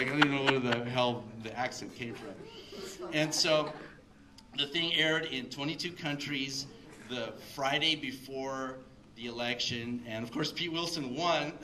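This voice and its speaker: A middle-aged man from Mexico telling a rambling story to an audience at a library event, full of fillers and laughs. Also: mid-range voice. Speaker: guest speaker. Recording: voice picked up from a distance.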